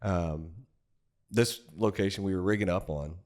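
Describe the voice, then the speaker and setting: A man's voice: deep voice, normal speed, a little mellow. A man co-hosting a casual podcast, telling rambling work anecdotes and acting out what other people said. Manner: rambling anecdotes, acts out quoted voices, laughs readily. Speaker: podcast co-host, former frac field worker. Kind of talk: casual storytelling chat.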